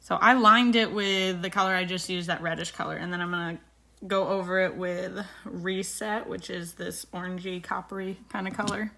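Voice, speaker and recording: A woman's voice: fairly low pitch, fairly even intonation, moderate pace, gravelly, bright, forceful tone. A woman in her thirties, a beauty vlogger, chatting casually and retelling a dispute with indignation while doing her makeup.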